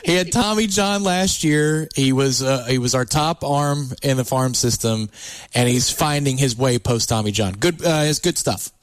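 A man's voice: mid-range voice, normal speed, no echo. A man co-hosting a casual sports podcast, laughing often and telling stories with energy. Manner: laughing often, lively storyteller. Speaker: podcast co-host.

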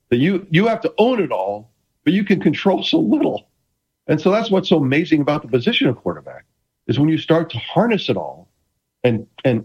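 A man's voice: a little high, slightly rough, highs cut off. A middle-aged man, a former quarterback, talking as a guest in an interview with many restarts and a playful manner. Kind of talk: casual interview chat.

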